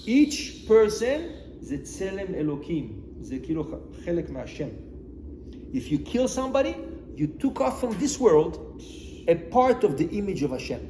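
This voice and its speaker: A man, a rabbi, teaching a lively Torah lesson, putting questions to his listeners and mixing in Hebrew phrases. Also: high voice, a little fast. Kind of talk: animated Torah lesson to a small group. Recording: echoey room with long reverb, faint noise.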